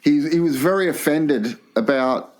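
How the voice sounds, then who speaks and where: A man co-hosting a crude comedy podcast, telling long rambling anecdotes in a deadpan way. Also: on the high side, unhurried. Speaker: podcast co-host.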